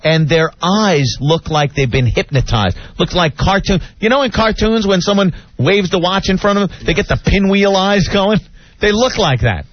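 A man co-hosting a radio talk show, sarcastic and mock-righteous, deliberately provoking in casual banter. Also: high-pitched, no room sound. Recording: dull lo-fi radio audio with faint music.

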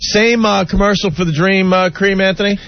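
A man hosting a radio show, joking and laughing loudly through casual banter. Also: high voice, fairly even intonation, a little fast, no echo. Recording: slightly dull radio broadcast sound.

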